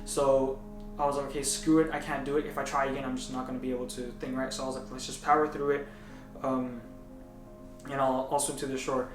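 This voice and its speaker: A young man telling a story in casual chat, animated and tagging his lines with "right?". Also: medium pitch, fast talker, over music. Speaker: vlogger. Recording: echoey room, mic at a distance.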